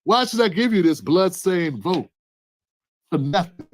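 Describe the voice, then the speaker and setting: A man giving impassioned political commentary, preachy and emphatic, rising to shouts. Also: high-pitched, animated, unhurried.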